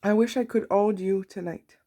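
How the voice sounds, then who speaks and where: A woman giving a tarot reading, talking softly and slowly as she reads out card messages to her viewers. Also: mid-range voice, steady tone. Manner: soft, warm-hearted, reads card messages aloud. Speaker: tarot reader. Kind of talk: slow, intimate tarot reading.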